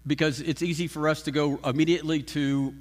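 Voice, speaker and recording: A man preaching a sermon as pastor, animated and emphatic, often restarting his sentences. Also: on the high side, fairly quick. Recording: long hall reverb.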